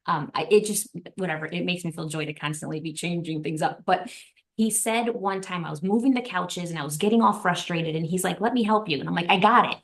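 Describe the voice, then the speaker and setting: Brief: woman podcast guest, earnest and reflective, a bit of vocal fry. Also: fairly low pitch, brisk. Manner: earnest, reflective, repeats phrases for emphasis. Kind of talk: heartfelt podcast conversation.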